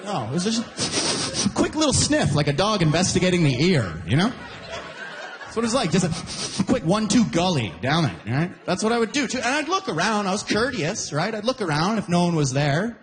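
A male stand-up comedian from Alberta telling a rambling, animated story to a live audience. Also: sits high, moderate pace. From Alberta, Canada. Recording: echoey hall with audience noise.

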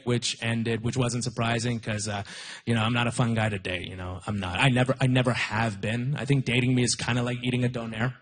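A man's voice: medium pitch, a bit bright. A young man doing a stand-up comedy set, talking in a conversational, self-deprecating way with punchy timing, on a club stage into a handheld mic.

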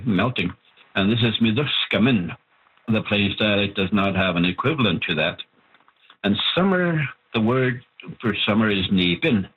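A man, an author of a language book, giving measured, explanatory interview answers with pauses. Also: on the low side, breathy edge. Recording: tinny phone-like line.

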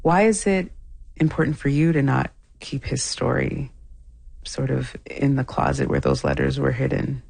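A woman co-hosting a podcast, asking reflective, gently probing questions in a conversational way. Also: a bass voice, animated, normal speed, vocal fry, husky, no room sound. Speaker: podcast co-host. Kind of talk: conversational interviewing.

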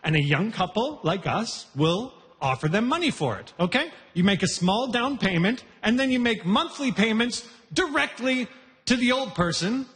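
A man's voice: high voice, lively intonation, moderate pace, fairly bright tone. A man performing a brash, conversational stand-up set on stage, working the crowd, with audience laughter behind him. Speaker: stand-up comedian. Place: comedy festival stage before a live audience. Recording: live show in a reverberant hall.

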